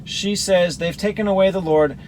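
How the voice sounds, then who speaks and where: A man's voice: high voice, moderate pace, slight background noise, rough recording. A man reading Bible verses aloud and explaining them, comparing the gospel accounts as a teacher. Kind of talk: scripture reading with commentary.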